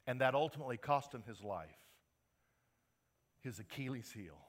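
A man preaching a sermon in church, building to emphatic, impassioned peaks and then dropping to a quiet, earnest tone. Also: mid-range voice, animated, normal speed. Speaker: pastor.

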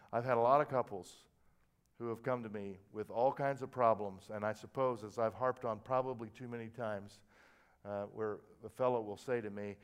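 An older man preaching from the pulpit. He tells his stories with plenty of animation, dropping to quiet asides and then climbing to loud, emphatic punches. When he gets fired up he stumbles over and repeats his words. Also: medium pitch, clean tone. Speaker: pastor. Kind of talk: sermon.

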